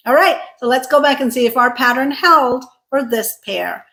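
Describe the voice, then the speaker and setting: A woman teaching English pronunciation, speaking slowly and carefully, stressing syllables to contrast word pairs. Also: sits high, bright, forceful tone, rough recording. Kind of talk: scripted teaching.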